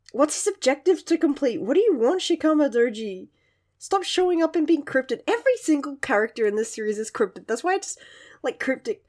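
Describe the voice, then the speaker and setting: A woman's voice: sits high, normal speed, long pauses. Giggly young woman gushing over manga. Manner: gushing, giggly, animated asides. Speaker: manga reviewer. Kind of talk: casual chat.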